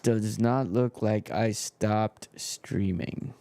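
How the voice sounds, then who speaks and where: A man with a dark, gravelly voice talks to himself slowly while sorting out his stream settings. His pitch rises and falls a lot, and the sound is dry and close. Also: fairly even intonation, dry recording. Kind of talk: casual livestream chatter.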